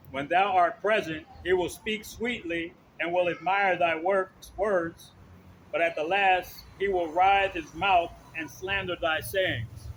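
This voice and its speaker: A slightly high-voiced man preaches outdoors in a loose, rambling way, reading verses and then breaking into profane asides. He keeps checking in with "okay?" and "all right?". Faint traffic noise sits behind him. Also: a bit bright, poor audio. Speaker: street preacher. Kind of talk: informal preaching with scripture reading.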